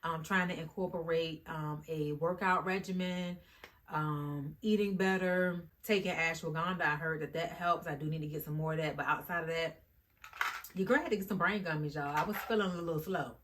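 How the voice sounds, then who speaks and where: A woman vlogger talking casually to the camera in a chatty, animated way, often addressing her viewers directly. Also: low voice, normal speed, a little hiss or hum. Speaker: YouTube vlogger.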